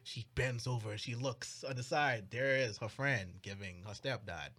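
A young man co-hosting a podcast, recounting a story in casual chat with animated, mock-outraged delivery and quick put-on voices. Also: medium pitch. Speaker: podcast co-host.

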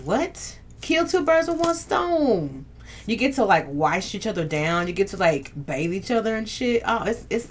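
A young woman hosts a casual livestream, joking with viewers, reading their comments out loud, and laughing a lot. Her voice is on the low side, with slight background noise.

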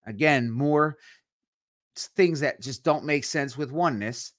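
A male podcast co-host reading Bible verses aloud slowly, then explaining them in quick casual asides. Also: medium pitch, fairly bright tone, no room sound, studio quality. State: tired, yawning.

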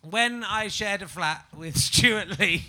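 A man's voice: high-pitched, slow, pushed and bright. A man hosting a live comedy podcast on stage, teasing the audience as a laughing quizmaster. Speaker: podcast host running an audience quiz.

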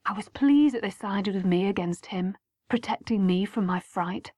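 A woman reading a first-person story aloud as an audiobook, measured and at times hushed. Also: mid-range voice, no echo. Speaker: audiobook narrator.

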